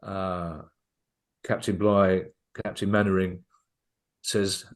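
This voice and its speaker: Low-voiced man telling a comedy anecdote. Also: steady tone, slow pace, long pauses. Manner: enthusiastic anecdote-teller, restarting sentences as he goes. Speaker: guest comedian. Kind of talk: casual podcast storytelling.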